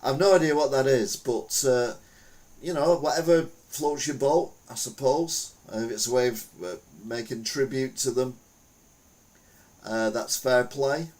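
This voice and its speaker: A man's voice: medium pitch, unhurried, darkish tone. A man hosting a podcast, chatting casually through the news with rambling, wry, self-mocking jokes. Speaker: podcast host.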